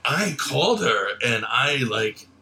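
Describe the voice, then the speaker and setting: A man's voice: medium pitch, big pitch swings, takes it slowly, noisy background. A man, a film director and guest, telling rambling anecdotes in casual chat and laughing often.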